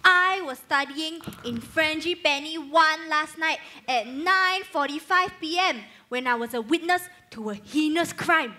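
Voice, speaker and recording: A woman acting in an amateur comedy skit, shrill and dramatic. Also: a little slow, few pauses, pushed and bright. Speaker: student actor in a comedy skit.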